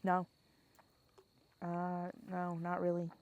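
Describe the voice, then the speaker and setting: A young woman telling a story in casual podcast chat, animated and laughing often, swearing freely and acting out the scenes. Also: fairly low pitch, slow pace.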